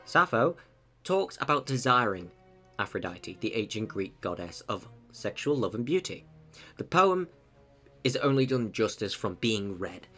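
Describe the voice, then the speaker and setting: A man's voice: on the low side, big pitch swings, unhurried, pushed and bright, soft background music. A man hosting a video, narrating history with jokey, sarcastic asides. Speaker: video host. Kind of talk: comedic educational narration.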